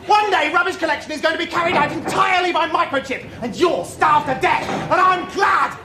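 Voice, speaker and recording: An actor with a British accent playing a vain, pompous out-of-work actor in a studio sitcom, talking in a theatrical, self-dramatizing way, with audience laughter. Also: male voice, very high voice, brisk, crowd noise, background noise. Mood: indignant. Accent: British English.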